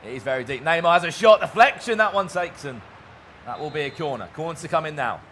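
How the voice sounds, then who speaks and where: A man co-commentating on a football video game final, animated and chatty. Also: on the high side, fast, a little hiss or hum. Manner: animated, bursts into shouting on goals. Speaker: esports co-commentator.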